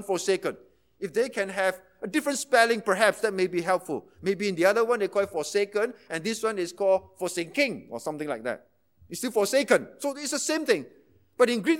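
A man preaching a sermon, moving between quiet explanation and impassioned, emphatic retellings, sometimes dropping almost to a hush. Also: high voice. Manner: impassioned, rising to emphatic intensity then dropping to near-hushed tones.

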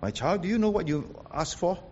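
Guy playing the lord in a sermon, patient, gently teasing, lively pitch. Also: brisk, muffled recording, slight background noise. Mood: gently questioning. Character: the Lord, calm gently questioning male deity.

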